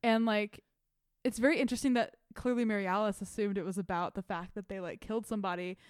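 A young woman talks through a TV episode with a friend in a loose, animated way, cursing now and then. Her voice sits at a middle pitch, and the recording is dry and close with no room sound. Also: fast talker, clean tone, dry recording. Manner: animated, chatty, swears casually. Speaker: podcast co-host. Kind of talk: casual chat recapping a TV episode.

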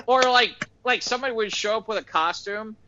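A man chats casually with a bright, high, forceful voice. He tells his stories with animated energy and keeps slipping into the voices of the people he quotes. The recording sounds dull and lo-fi. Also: fairly quick. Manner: animated storyteller acting out quotes. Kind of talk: casual chat.

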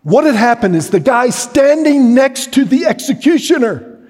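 A middle-aged man preaching a sermon, telling a story dramatically and shouting at its peaks. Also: extremely high pitch, lively intonation, normal speed. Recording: long hall reverb.

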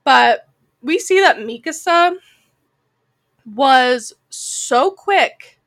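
A woman's voice: sits high, animated, extremely slow, a bit bright, no room sound. A woman co-hosting a casual anime discussion podcast, chatty and full of "like" fillers, sounding a bit like a Valley girl. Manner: chatty, heavy use of "like" fillers. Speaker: podcast co-host.

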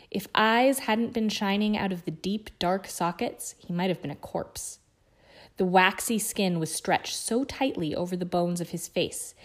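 A woman guest reader narrating a novel chapter aloud in a measured, hushed way. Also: medium pitch.

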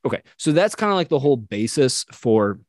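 A podcast co-host briskly acts out the people in his story, giving them little voices in a relaxed storytelling conversation. His mid-range voice is recorded close and dry, with no echo.

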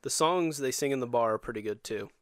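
Young male podcast co-host, mid-pitched, teasing and laughing, dry close mic. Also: fairly quick, dry recording. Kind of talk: casual chat.

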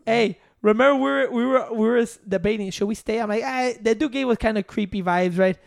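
Profane, excitable man. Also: sits high, fairly quick, gravelly, no echo, clean studio sound. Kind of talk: casual chat.

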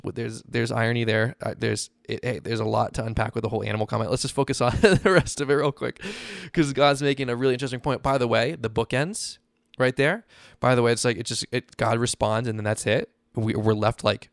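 Man, podcast host, casual Bible teaching, gravelly voice, dry sound. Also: mid-range voice, fast, no echo. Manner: conversational, often adds "right?".

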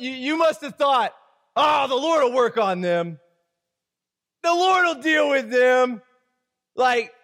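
A man's voice: very high-pitched, fairly bright tone, long reverb tail. A man preaching a casual sermon, reading scripture aloud and breaking off into slangy, conversational asides. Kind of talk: casual Bible-study sermon.

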